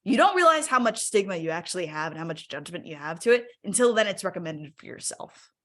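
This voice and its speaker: Conversational woman telling her story, lower voice. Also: quick pace. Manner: conversational, fillers like 'like' and 'right?'; animated when quoting herself. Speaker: speaker sharing her personal story. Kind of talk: personal story told in a live webinar.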